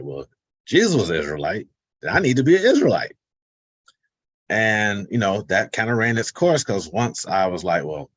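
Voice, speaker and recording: A man speaking as a webinar panelist over a video call, explaining in a relaxed, conversational way with many fillers and telling stories with voiced-out quotes. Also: low voice, breathy edge, no room sound. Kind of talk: informal explanatory talk.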